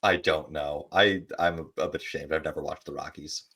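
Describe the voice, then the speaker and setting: A man's voice: very deep voice, steady tone, brisk, pushed and bright. A man co-hosting a podcast, chatting casually about sports and telling stories with joking asides. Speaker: podcast co-host. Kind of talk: casual sports debate chat.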